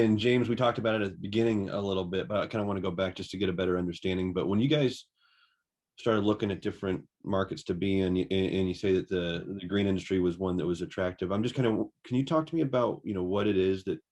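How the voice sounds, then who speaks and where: A man's voice: low voice, fast, a little mellow. A man hosting an interview as an editor, asking loose, rambling questions that restart as he thinks aloud.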